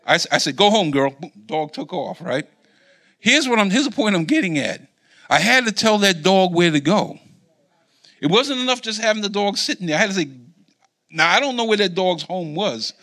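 A male Bible teacher delivers a sermon and keeps pausing for his listeners to finish his phrases. His voice sits high and swoops widely in pitch, with a bright, forceful edge. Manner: animated, quizzes the congregation. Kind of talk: sermon with call-and-response.

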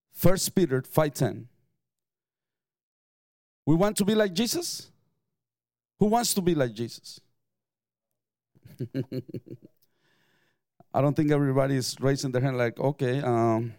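A man's voice: fairly high pitch, darkish tone, dry recording. A middle-aged man, preaching a sermon in an emphatic way and mixing in personal stories with light chuckles. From Mexico. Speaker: pastor.

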